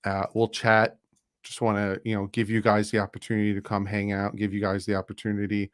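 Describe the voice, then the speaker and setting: A man's voice: lowish voice, monotone, brisk, clear, resonant tone. A man hosting a casual live stream, chatting loosely, reading out donations and plugging sponsors. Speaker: YouTube streamer and channel host.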